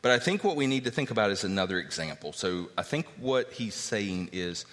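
A man preaching a sermon in a conversational, animated way, acting out quoted voices as he teaches. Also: fairly low pitch, fairly quick. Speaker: pastor. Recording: long hall reverb.

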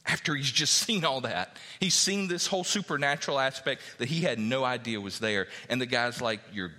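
A man preaching a sermon, reading scripture aloud and acting out what the characters say in an animated way. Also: medium pitch, normal speed, hardly any pauses, in a large hall. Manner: animated, acts out biblical characters' speech.

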